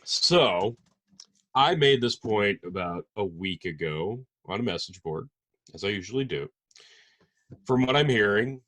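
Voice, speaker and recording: Low-voiced man explaining calmly. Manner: measured, explanatory, occasionally profane. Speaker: podcast co-host. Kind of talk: casual political chat.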